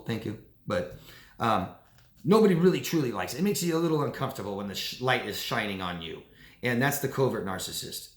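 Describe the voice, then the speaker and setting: A man, a coach, talking casually to camera with animated delivery, often repeating words. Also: mid-range voice. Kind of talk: casual talking-head video. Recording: echoey room.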